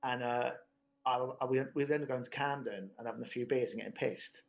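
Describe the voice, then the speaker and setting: A man's voice: mid-range voice, brisk, creaky. A young man, telling a rambling, sweary story in laddish podcast chat. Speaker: podcast host. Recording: dull lo-fi podcast audio.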